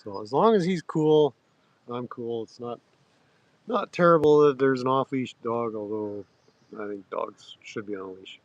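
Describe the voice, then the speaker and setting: A man hosting a livestream, chatting loosely to viewers with crude slang, halting restarts and frequent throat-clearing. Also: medium pitch, expressive, dry recording, dull audio. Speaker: livestream host. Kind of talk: rambling casual chat to viewers.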